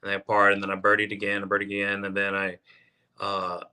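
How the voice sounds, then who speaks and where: A man's voice: on the low side, completely flat delivery, brisk, pushed and bright, clean tone. A man in his fifties from South Texas, a golfer guest telling stories with lots of restarts and fillers. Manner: rambling, many restarts and fillers. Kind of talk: casual storytelling.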